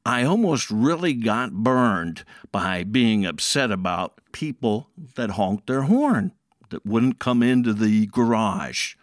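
A man's voice: on the low side, big pitch swings, takes it slowly, no echo, studio quality. A man voicing an earnest garage mechanic. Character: male garage mechanic telling a regretful story. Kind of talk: storytelling.

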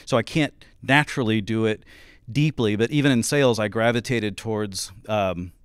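A man's voice: on the low side, normal speed, clean tone, no echo, studio quality. A man dropping in as a guest on a live stream, chatting casually and rambling in a self-deprecating way. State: out of breath.

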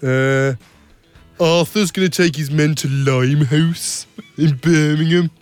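Deadpan man trading quips on radio. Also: a little high, slow pace, soft background music. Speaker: radio show co-host. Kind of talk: casual radio banter. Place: radio studio.

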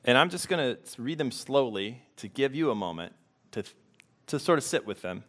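A man preaching a sermon as pastor, reflective and unhurried, pausing to let questions sink in. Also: medium pitch, sing-song, fairly bright tone.

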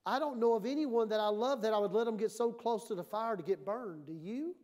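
A woman's voice: on the high side, brisk, darkish tone. A woman pastor preaching a sermon in a church, emphatic and conversational, often acting out the voices she quotes.

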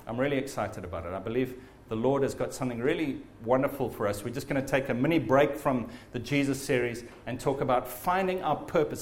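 A man preaching a sermon in an earnest, animated way. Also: mid-range voice, fairly quick.

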